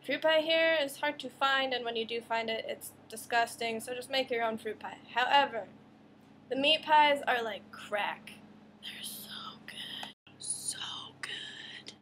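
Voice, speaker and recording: A woman's voice: a little high, a bit bright, slight background noise. A young woman vlogging in a casual, sarcastic, ranting monologue to camera. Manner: sarcastic, ranting, quick asides.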